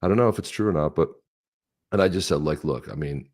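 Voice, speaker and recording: This man in his sixties talks fast in a low, slightly mellow voice. As a livestream co-host he spins rambling stories during casual chat and laughs often.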